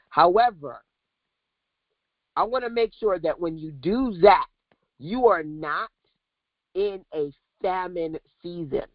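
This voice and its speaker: A woman business coach on a livestream, talking in an animated, preachy way straight to her viewers. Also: fairly low pitch, slow pace, no room sound, dull audio.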